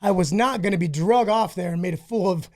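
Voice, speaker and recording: A man's voice: sits high, fairly quick, darkish tone. A man telling rambling, profane stories about himself in a casual podcast interview. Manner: profane, rambling, self-mocking. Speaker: guest, former fighter.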